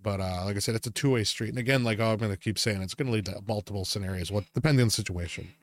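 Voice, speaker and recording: A man's voice: lowish voice, racing. A man co-hosting a casual podcast, rambling with plenty of fillers and swearing freely. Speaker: podcast co-host.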